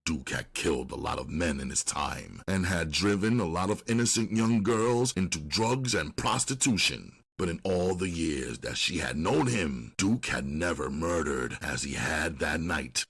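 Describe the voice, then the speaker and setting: A man narrating an audiobook in a steady, unhurried storytelling manner. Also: deep voice, vocal fry, breathy edge.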